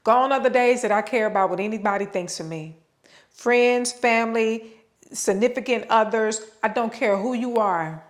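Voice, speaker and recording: A woman's voice: on the high side, normal speed. A woman with children giving an unscripted motivational talk, speaking straight to the listener, repeating words for stress and drawing out her words. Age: adult with children. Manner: preachy, direct address to listener.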